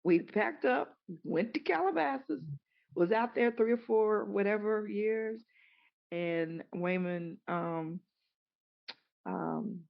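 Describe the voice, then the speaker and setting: A middle-aged woman, an interview guest, telling a personal story in a halting way, repeating words and acting out the dialogue. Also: mid-range voice, creaky. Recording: dull lo-fi recording.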